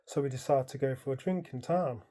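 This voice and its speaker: A man's voice: mid-range voice, a little fast. A man casually recounting a dream in the present tense. He rambles, filling his story with "like" and "um". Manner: rambling, animated retelling full of "like" and "um". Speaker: dream vlogger.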